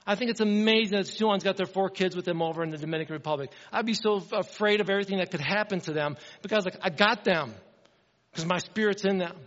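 A man's voice: high-pitched, quick pace, fairly bright tone, long reverb tail, lo-fi sound. A man preaching a sermon in an earnest, conversational way, often asking the congregation questions. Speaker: pastor.

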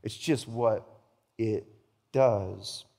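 A man's voice: fairly low pitch, extremely slow, gravelly, mellow, in a large hall. Man preaching a conversational sermon. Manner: conversational preaching with repeated words and rhetorical questions. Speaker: pastor.

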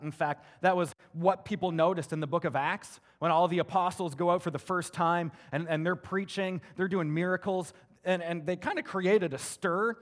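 A man preaching a sermon as a pastor, in an energetic, conversational way full of rhetorical questions. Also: high voice, moderate pace.

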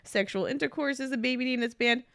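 A woman's voice: high-pitched, fast talker, a bit bright, no echo, studio quality. A woman co-hosting a podcast, trading giggly, exasperated banter in casual chat. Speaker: podcast co-host.

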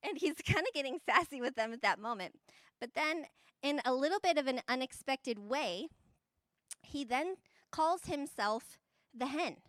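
A woman's voice: high-pitched, animated, a little slow, fairly bright tone, dry recording. A woman giving a casual Bible lesson, chatty and conversational, with fillers, tag questions and light laughs. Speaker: Bible teacher.

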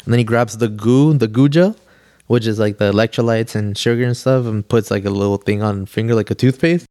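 A man's voice: on the low side, a little fast, warm tone, dry recording. A young man, a podcast guest telling a long story in a laid-back, slangy way, full of "like" and "dude". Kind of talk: casual storytelling chat.

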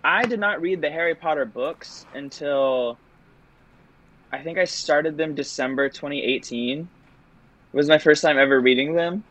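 A man's voice: on the high side, moderate pace, a bit bright, muffled recording. A young man, a stage actor, telling an audition story in a chatty, self-deprecating way, with many fillers and laughs. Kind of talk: casual interview storytelling.

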